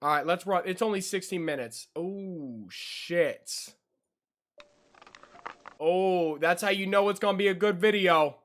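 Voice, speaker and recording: A man's voice: high voice, measured pace, fairly bright tone. A young man chatting casually to his livestream audience, repeating himself and easily spooked. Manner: talks straight to chat, repeats his lines, easily spooked. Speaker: streamer.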